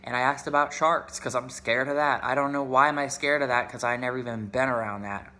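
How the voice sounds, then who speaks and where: A man's voice: medium pitch, steady tone, a little fast, sharp tone. A chatty, emotional man from Pittsburgh, talking casually in a vlog and mixing in Spanish words. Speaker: vlogger.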